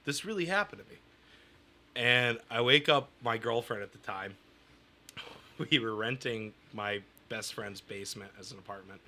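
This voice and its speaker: Young New guy, very bright tone, rambling crude anecdote, podcast guest. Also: medium pitch, measured pace. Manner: crude, rambling, laughing through his story. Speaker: comedian guest. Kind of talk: casual storytelling.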